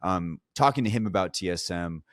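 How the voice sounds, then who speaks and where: A man co-hosting a podcast, giving casual, measured esports analysis. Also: low-pitched, expressive, dry recording, studio quality. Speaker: podcast co-host.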